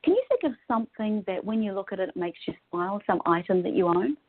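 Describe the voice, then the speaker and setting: A woman's voice: medium pitch, expressive, fast. A woman from New Zealand with a New Zealand accent, a guest talking enthusiastically in a podcast interview. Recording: tinny phone-line audio.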